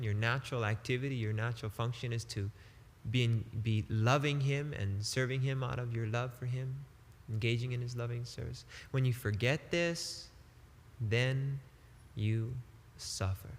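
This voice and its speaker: A male spiritual teacher gives a devotional sermon in a mid-range voice, emphatic and deliberate yet using casual turns of phrase. The recording has a long reverb tail.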